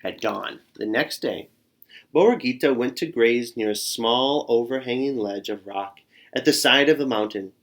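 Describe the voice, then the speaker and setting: A man reading a children's picture book aloud, expressive and adding little sound effects. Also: mid-range voice, moderate pace. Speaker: storyteller.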